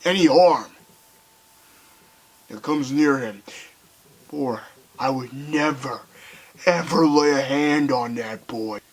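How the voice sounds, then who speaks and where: Husky young man ranting angrily. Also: mid-range voice, slow pace, pauses often, low-quality recording. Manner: heated, swearing, voice rising and falling sharply. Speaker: video commentator. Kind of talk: angry rant to camera.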